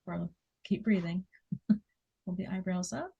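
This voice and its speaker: A woman leading a guided muscle relaxation exercise, giving gentle step-by-step instructions and counting down. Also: on the low side, gravelly, husky, dull audio. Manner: slow, soothing instructions with soft laughs.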